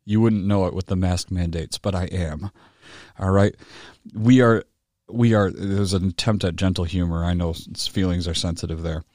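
A man's voice: steady tone, moderate pace, no room sound, clean studio sound. A man, a pastor, preaching a conversational sermon-style Bible study, often checking in with his listeners and reading passages aloud with rising emphasis. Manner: conversational, with tag questions and gentle humor; rises in pitch and volume when reading a quoted book aloud.

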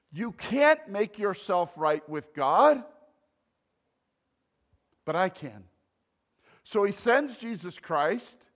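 A man preaching a sermon as pastor, animated, swinging between loud emphasis and quiet asides. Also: high voice.

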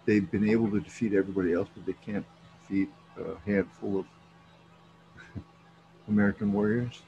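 A man's voice: fairly low pitch, fairly even intonation, moderate pace, warm tone, lo-fi sound. A man chatting casually, rambling and swearing, laughing often. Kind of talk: casual chat. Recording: noisy background.

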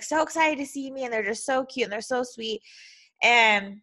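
With a sharp tone in her mid-range voice, a podcast host shares a personal story. Her telling is emotional and heartfelt, peppered constantly with "like."

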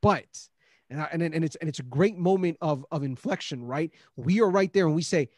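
A man's voice: on the high side, a little fast, darkish tone, no echo, studio quality. A man hosting a Christian discussion, speaking earnestly with many restarts and rising emphasis on key points. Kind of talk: casual faith discussion.

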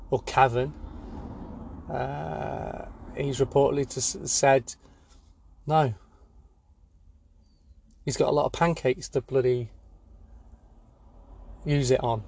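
A man hosting a spoof news segment, rambling deadpan with many fillers. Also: mid-range voice, slight background noise. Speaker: comedy news host.

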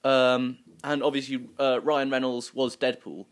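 A man's voice: mid-range voice, little pitch movement, measured pace. A man co-hosting a casual chat show, rambling, punning and often stumbling over his words. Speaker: co-host.

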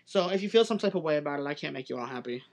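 A young man with a fairly high voice chatting casually on a podcast. He is animated and playful, slipping into silly put-on voices. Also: racing. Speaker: podcast co-host, drag performer. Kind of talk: casual chat.

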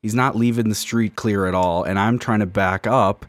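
A young man from Miami with a lowish voice tells a rambling, self-mocking story as a podcast co-host. His voice is recorded close and dry, with no room sound. He talks casually and mocks himself often. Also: steady tone, normal speed, no room sound. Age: 20s.

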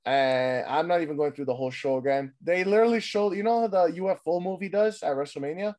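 A hoarse man with a slightly raised pitch talks loosely through a wrestling recap. He swears freely, drops into quick mimicry of the people he describes, and lets his sentences trail off into mumbles. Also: darkish tone. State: losing his voice. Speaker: podcast host recapping wrestling. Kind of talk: casual chat.

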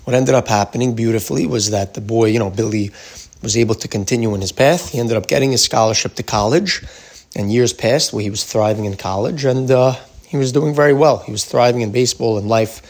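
A man's voice: mid-range voice, brisk, a little mellow. A man telling a story in a religious lesson, in a casual way with many fillers. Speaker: teacher.

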